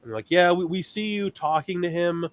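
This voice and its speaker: A man's voice: high-pitched, brisk. A man co-hosting a casual chat podcast, telling stories about difficult customers and acting out both sides of the exchanges. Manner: storytelling, acting out customers and himself. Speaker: podcast co-host.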